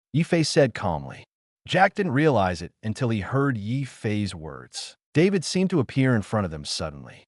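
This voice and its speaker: Guy narrating an audiobook, lowish voice that moves around a lot, dry close sound. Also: huge pitch swings, normal speed, no room sound. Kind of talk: scripted narration.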